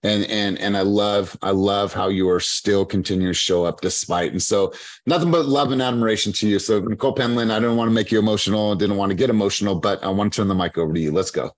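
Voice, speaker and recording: A man's voice: on the low side, quick pace. A man leading a sales team meeting as coach, talking emphatically in a preachy, repetitive way. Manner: emphatic, preachy, fond of repeating himself. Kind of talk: motivational coaching talk.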